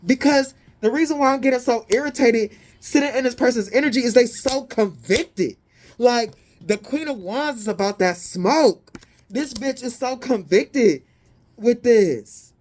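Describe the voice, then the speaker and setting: Brief: woman tarot reader, sassy and foul-mouthed, bright higher voice, animated. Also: a little slow. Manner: blunt, profane and sassy; animated, rising to indignant peaks. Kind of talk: casual tarot reading.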